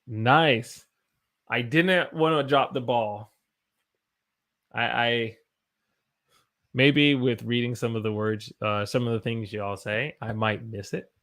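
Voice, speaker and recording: An American man leads a live English lesson, stretching words out and repeating them so learners can follow. He speaks at a very unhurried pace, his pitch sitting in a middle range for a man, as he reads chat questions aloud and answers them. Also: steady tone, a bit bright. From United States. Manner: slow, drawn-out spelling and repetition of words for learners. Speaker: English teacher.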